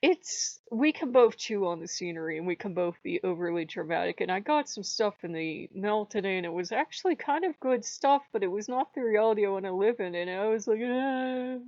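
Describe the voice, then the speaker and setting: A chatty woman vlogging in a mid-range voice, laughing often and jumping into high, playful quoted voices. The sound is close and dry, with a slightly dull, narrow tone. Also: expressive, fairly quick, few pauses, a little mellow, no echo. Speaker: video blogger. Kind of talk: casual chat.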